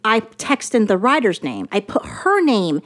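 A woman chats about her job in a loose, animated way. She swears freely and slips into quick voices for the people in her story. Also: on the high side. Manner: animated, profane, quotes others in lively voices. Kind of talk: casual storytelling chat.

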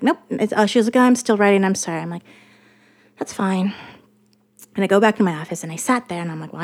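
A woman chats about her job in a loose, animated way. She swears freely and slips into quick voices for the people in her story. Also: medium pitch. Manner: animated, profane, quotes others in lively voices. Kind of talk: casual storytelling chat.

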